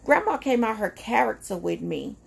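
Vlogger, woman, gravelly texture, emotional and reflective, casual and conversational delivery. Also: fairly high pitch, sing-song, moderate pace. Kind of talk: casual personal vlog.

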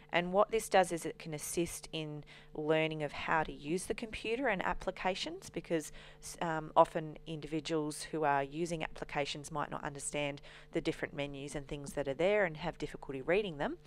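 A woman walking through a software demonstration as a trainer, explaining steadily with frequent ums. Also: sits low.

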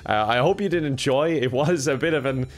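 A man's voice: mid-range voice, a little fast. A young man giving jokey let's-play commentary on a game, laughing often and reacting with exclamations. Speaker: gaming YouTuber.

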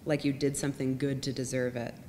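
A woman reader voicing a wistful, emotional father in her own low voice, speaking earnestly to a stranger. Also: level tone, quick pace, dark tone. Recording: long reverb, faint rumble.

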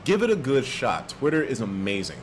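Lively, animated male streamer. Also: fairly quick, slight background noise. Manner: animated, profane, loud jumps in pitch; reads viewer donations aloud. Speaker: live streamer. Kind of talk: casual live-stream chat.

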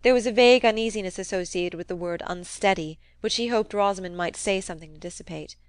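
Female audiobook narrator, measured literary reading, dry booth. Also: mid-range voice, clean tone, no echo. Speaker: audiobook reader. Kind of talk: scripted narration.

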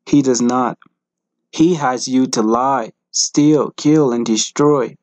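A man's voice: medium pitch, dark tone, no echo, lightly acted, poor audio. A man voicing Jesus as a tender, pleading savior in an earnest devotional message reading.

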